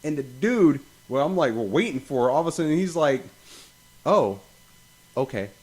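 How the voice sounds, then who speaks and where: A young man hosting a casual podcast, rambling and swearing as he tells animated stories. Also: a little high, normal speed, husky. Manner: profane, rambling, animated storytelling. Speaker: podcast host.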